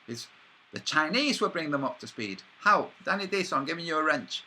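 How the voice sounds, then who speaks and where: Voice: medium pitch, animated, moderate pace, sharp tone. A speaker, rambling through a speculative monologue with frequent restarts and asides.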